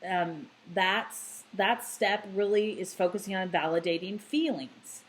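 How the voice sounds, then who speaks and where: A woman who works as a child therapist, calmly explaining parenting steps in an unscripted talk, with frequent "you know" and "um" fillers. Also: mid-range voice, a little slow, hardly any pauses, low-quality recording. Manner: softens into a gentle, hushed voice when modelling words to a child.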